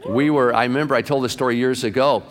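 A male pastor telling sermon stories in a medium-pitched voice, acting out each person he quotes. His voice carries a long reverb from a church hall. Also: fast talker. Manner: animated anecdotes, acted-out quotes. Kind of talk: sermon storytelling.

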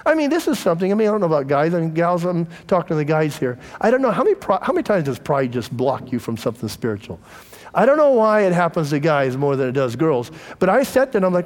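In a church with a big-room sound, a middle-aged pastor preaches a conversational sermon, sharing candid personal stories with his congregation. His voice is a little high, and he talks fast and very animatedly.

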